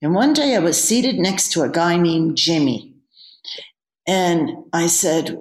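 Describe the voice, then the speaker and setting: A woman's voice: lowish voice, lively intonation, takes it slowly. A woman, a yoga teacher, telling a candid personal story as an interview guest. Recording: roomy echo.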